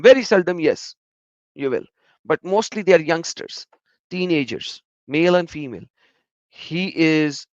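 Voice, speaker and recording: A man's voice: a little high, dry recording. A man commenting on video clips, stacking up words to hammer his point home. He sounds close and dry. The recording is a little muffled. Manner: emphatic, repeats words for stress.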